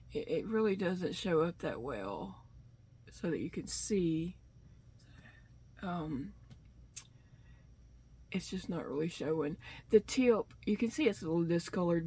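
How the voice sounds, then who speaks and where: A woman's voice: lowish voice, a little mellow, breathy edge. A middle-aged woman talking casually to her camera, rambling with lots of fillers and restarts. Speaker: vlogger.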